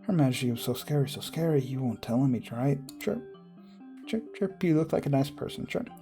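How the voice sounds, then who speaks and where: A man's voice: mid-range voice, expressive, brisk, dark tone, faint music behind, lightly acted. A man voicing a small talkative bird who repeats himself and chirps between phrases. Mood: gossipy.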